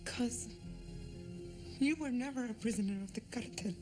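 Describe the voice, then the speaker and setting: An actress playing a maid in a TV drama, intense and probing. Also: female voice, on the high side, normal speed, over music, close to an everyday voice.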